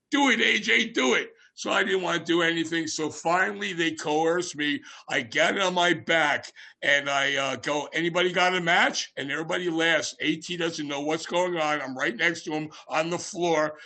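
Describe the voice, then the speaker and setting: A man hosting a casual podcast, telling long stories with lots of "uh" and "um" and restarting his sentences. His voice sits a little high and sounds bright and forward. He talks like he is chatting with an old friend. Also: gravelly. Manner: rambling anecdotes with many fillers, shouting out quoted lines. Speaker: podcast host. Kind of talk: casual storytelling interview.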